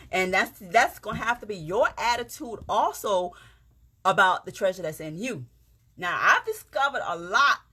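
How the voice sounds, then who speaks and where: A woman's voice: medium pitch, pushed and bright, husky. A woman with a Gullah Geechee accent from South Carolina, giving a heartfelt, folksy pep talk straight to her viewers. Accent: Gullah Geechee, South Carolina Lowcountry. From South Carolina, USA. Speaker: vlogger, motivational speaker. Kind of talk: casual encouraging monologue.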